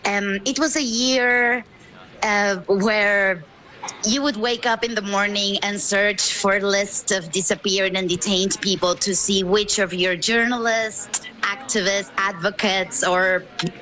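A woman journalist from Venezuela, answering interview questions in a steady, measured, reflective way. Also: mid-range voice, poor audio.

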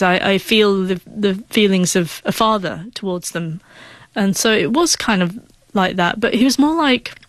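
A woman's voice: medium pitch, dry recording. A young woman with a stutter, telling a heartfelt personal story as an interview guest, sometimes getting emotional.

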